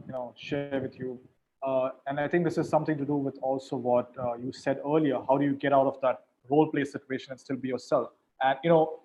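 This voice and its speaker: A man judging mediation competitions gives informal coaching advice in an animated way, often repeating words as he starts a sentence. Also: medium pitch, dull audio, a little hiss or hum.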